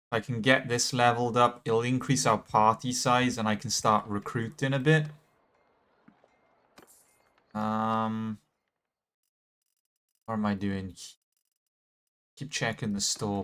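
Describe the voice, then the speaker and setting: A man's voice: on the low side, fairly bright tone. A British man chatting casually with his viewers while streaming a game, laughing easily and correcting himself as he talks. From Britain. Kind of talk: casual gameplay commentary.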